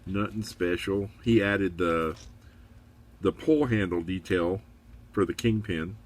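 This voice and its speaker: Deep-voiced middle-aged man, chatty hobby review. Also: takes it slowly, slight background noise. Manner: relaxed, chatty, rambling with fillers; upbeat, encouraging. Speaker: model kit reviewer.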